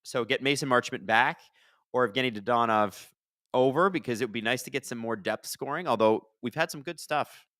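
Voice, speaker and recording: A man hosting a live hockey watch-along, chatting and reacting loudly to plays. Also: mid-range voice, brisk, dry recording, clean studio sound.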